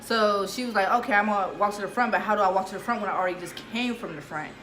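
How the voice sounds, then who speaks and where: In an echoey room with faint noise, a woman chattily retells a friend's story, acting out the dialogue and laughing often. Her voice is medium-pitched and a bit bright, and she talks very fast.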